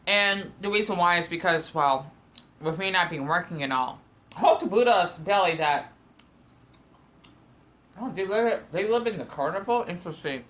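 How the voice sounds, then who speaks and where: Bright-voiced woman rambling at home. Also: fairly low pitch, expressive, moderate pace, long pauses. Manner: meandering, with frequent restarts and fillers. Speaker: vlogger. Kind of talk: rambling eating vlog.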